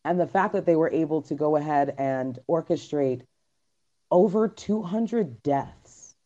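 Low, dark-voiced woman podcast host. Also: unhurried. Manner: blunt, slangy, emphatic. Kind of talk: casual podcast chat. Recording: dull lo-fi recording.

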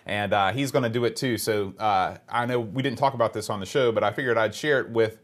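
A man's voice: fairly low pitch, quick pace. A man co-hosting a podcast, chatting casually and reading listener emails aloud with easy filler words. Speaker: podcast co-host.

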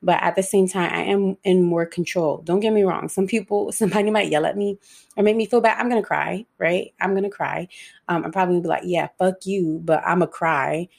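A young woman talks openly about her own life in a low, husky voice roughened by a gravelly fry. Her delivery is frank and emotional, with casual swearing and a pace that rushes and then slows. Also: a little mellow. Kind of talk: candid personal monologue.

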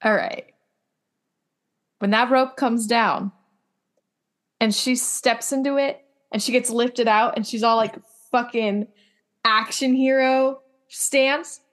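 A woman's voice: on the high side, fairly even intonation, takes it slowly, long pauses. A woman co-hosting a casual podcast, opinionated and swearing, with lots of "like" fillers. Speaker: podcast co-host. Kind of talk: casual chat.

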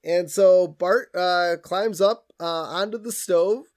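A man's voice: sits high, slow. A man co-hosting a podcast, recapping a cartoon episode in casual chat, laughing often and acting out quotes. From Minnesota. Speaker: podcast co-host.

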